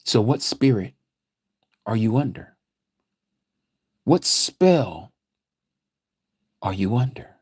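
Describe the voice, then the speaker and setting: A man teaching a livestreamed scripture lecture, preaching emphatically and repeating phrases, his voice swinging from quiet to loud. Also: medium pitch, lively intonation, takes it slowly, long pauses, breathy edge, no room sound, studio quality. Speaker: Bible study teacher.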